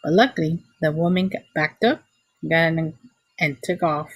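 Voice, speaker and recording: A woman with a low, breathy, husky voice recounts a personal story in a casual, animated way, often exclaiming as she acts out her own reactions. The sound is dry and close, as if spoken straight into a computer microphone. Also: moderate pace, no echo. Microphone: computer mic, screen recording.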